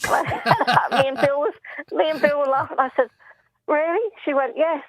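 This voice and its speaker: A middle-aged woman with a Northeast English accent calls in by telephone to share a funny family story, laughing as she chats. Her voice is high and her pace normal. The phone line sounds muffled, with no room sound.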